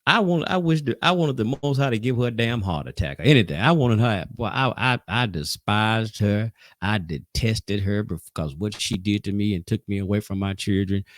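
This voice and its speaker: A low-voiced man leads a casual Sabbath Bible class, his pitch rising and falling freely as he presses his points. He talks loosely, restarting sentences as he goes. The sound is close and dry, with no room around it. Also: animated, moderate pace, few pauses, no echo.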